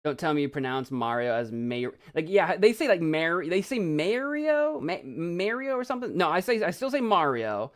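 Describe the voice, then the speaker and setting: A man's voice: fairly high pitch, animated, fairly quick, few pauses. An American man chatting casually on a live stream, rambling and giggling as he reads viewer comments aloud.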